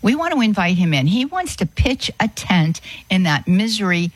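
Earnest man giving a halting Christian talk. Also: high voice, sing-song, breathy edge, no room sound. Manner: earnest, halting, many fillers and restarts. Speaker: Christian speaker. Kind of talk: religious talk on inner healing.

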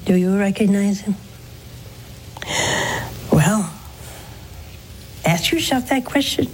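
An older woman hosting a religious call-in show, counseling a caller in a gentle, pleading, preacherly way. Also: mid-range voice, expressive, takes it slowly, a little hiss or hum. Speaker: religious TV host taking calls.

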